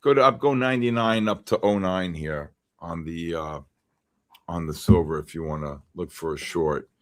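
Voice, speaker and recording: A man's voice: sits low, moderate pace. A middle-aged man hosting a live trading stream, rambling casually and calling out viewers by name. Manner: rambling, chatty, shouts out chat names. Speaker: livestream trading host.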